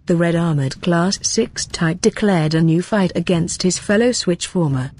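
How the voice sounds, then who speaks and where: A woman narrating an amateur science fiction story in a plain, steady way. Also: fairly low pitch, normal speed, few pauses, soft background music. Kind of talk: reading an amateur sci-fi story.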